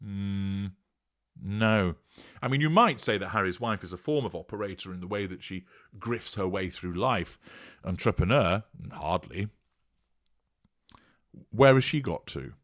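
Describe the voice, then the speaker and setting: Scornful deep-voiced man. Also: a little slow, long pauses, fairly bright tone, no room sound, clean studio sound. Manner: scornful, sarcastic. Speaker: commentator. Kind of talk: scripted commentary on news articles.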